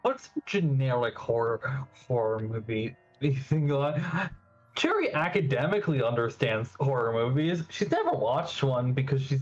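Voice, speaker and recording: A woman's voice: a bass voice, big pitch swings, moderate pace, a little mellow. A woman playing a tabletop game over a call, apologetic at times, who talks about her character in third person. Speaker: player. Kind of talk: casual tabletop role-play. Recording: dull lo-fi voice call with faint music.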